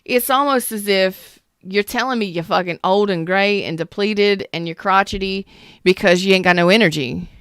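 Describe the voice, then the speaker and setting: A woman giving a casual livestream tarot reading, blunt and animated, swearing freely and speaking straight to her viewers. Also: medium pitch, moderate pace, clear, resonant tone, dry recording, studio quality. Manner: blunt, swearing, animated Southern-style slang. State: clearing throat after a cough. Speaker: tarot reader.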